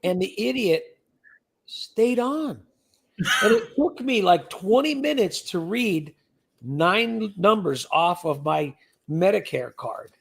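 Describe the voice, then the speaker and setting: A man runs a casual live stream chat, joking and telling rambling stories. His voice sits high and has a husky rasp to it. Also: expressive, slow. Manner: jokey, rambling storyteller who reads out chat comments.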